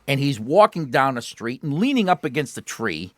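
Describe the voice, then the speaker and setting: A man's voice: mid-range voice, big pitch swings, normal speed, fairly bright tone, no echo. A man co-hosting a jokey radio car show, telling jokes, stumbling over his words and laughing often.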